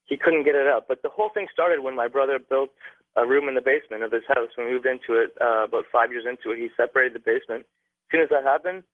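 A man's voice: medium pitch, fast talker, no room sound. A young man from Canada, a radio caller, telling a long story with many fillers and restarts. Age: young adult. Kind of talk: phone-in storytelling. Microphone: phone. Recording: tinny dry phone line.

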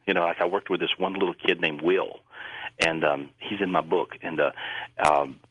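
Earnest low-voiced man, husky and rambling. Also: steady tone, dry recording, phone-quality sound. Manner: earnest, rambling, halting with repeated words. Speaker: psychic guest. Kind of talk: radio interview chat.

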